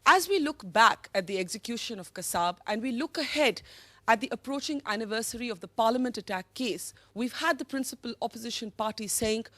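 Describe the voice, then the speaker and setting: A woman, moderating a televised panel debate with articulate, measured questions. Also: a little high, lively intonation, a bit bright, dry recording. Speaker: host.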